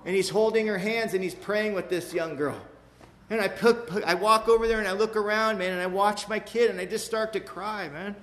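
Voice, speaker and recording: A man's voice: high-pitched, fairly even intonation, fairly quick, a bit bright. A man in his forties giving an emotional, rambling personal testimony to a recovery meeting, often asking "you know what I mean". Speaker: speaker sharing at a recovery meeting. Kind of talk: personal testimony to a live audience. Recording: echoey hall with faint room noise.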